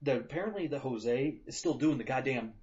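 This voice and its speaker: A man's voice: medium pitch, lively intonation, brisk, darkish tone. A man co-hosting a podcast in casual chat, swearing freely and acting out quotes as he jokes. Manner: profane, joking, acts out quotes. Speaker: podcast co-host. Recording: dull lo-fi podcast audio.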